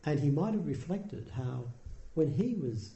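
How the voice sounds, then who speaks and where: A man giving a Buddhist dharma talk, telling the story in a relaxed, conversational way with dry humour. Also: fairly high pitch, unhurried, dull audio. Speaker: dharma teacher. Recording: roomy echo.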